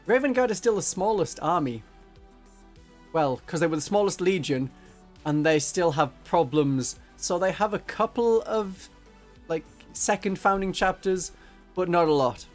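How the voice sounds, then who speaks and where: A man's voice: high-pitched, expressive, a little slow, soft background music. A man chatting casually on a livestream, joking and now and then slipping into silly voices. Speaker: streamer.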